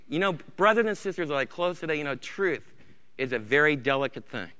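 A man's voice: fairly high pitch, animated, fast, bright, forceful tone, smooth. A man preaching a sermon as pastor, impassioned and repeating key phrases, in a church sanctuary. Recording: reverberant church hall.

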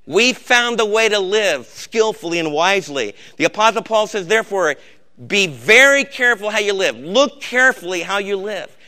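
An older man with a gray beard preaching a sermon, urging his congregation and swinging between hushed warnings and shouted exhortation. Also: high voice, lively intonation, normal speed. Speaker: pastor.

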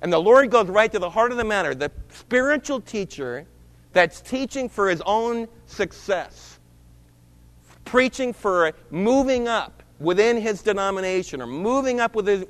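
A man with a high-pitched voice delivers a sermon from the pulpit, dramatic and emphatic. He rises to loud declarations, then drops to low, hushed phrases. His words trail off into the long reverb of a large church hall. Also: animated, moderate pace. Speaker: pastor.

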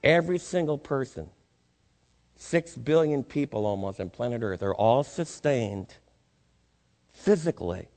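A man's voice: mid-range voice, animated, measured pace, long pauses, darkish tone. A male pastor preaching a sermon, asking the congregation rhetorical questions with rising intensity. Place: church sanctuary. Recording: long reverb in a church hall.

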